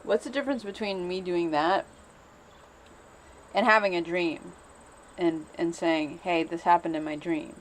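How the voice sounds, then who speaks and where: A woman's voice: fairly low pitch, unhurried. A woman filming herself in an unscripted monologue, anxious and rambling, repeating the same phrases over and over. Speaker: vlogger. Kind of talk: unscripted self-filmed monologue. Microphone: self-filmed camera.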